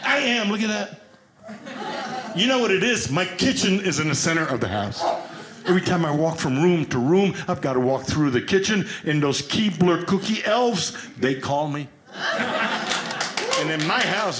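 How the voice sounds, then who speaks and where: A man doing stand-up comedy on a stage, quick and chatty, with self-mocking asides to the crowd. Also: on the high side, animated. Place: theater stage before a live audience. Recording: echoey stage with loud crowd noise.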